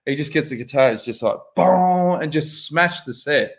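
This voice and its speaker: An Australian man co-hosting a podcast, telling stories in a lively, slangy, casual way. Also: on the high side, moderate pace. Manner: animated, slangy yarn-spinning. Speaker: podcast co-host. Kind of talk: casual chat, storytelling.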